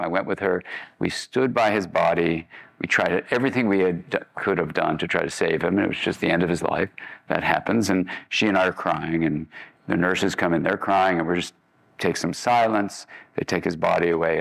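A man's voice: deep voice, creaky, a bit bright, rough recording. A man giving a guest lecture, telling personal stories in a conversational way and acting out the dialogue he remembers.

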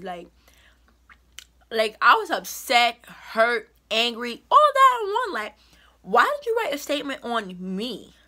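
Animated young woman telling a storytime. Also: on the high side, takes it slowly. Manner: animated, emphatic, indignant storytelling. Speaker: vlogger. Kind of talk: storytime vlog.

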